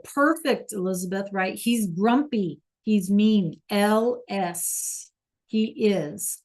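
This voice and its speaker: A woman's voice: mid-range voice, takes it slowly, darkish tone. A woman teaching a beginner Spanish class, praising students by name and checking that they follow along. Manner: encouraging, repeats praise and checks understanding.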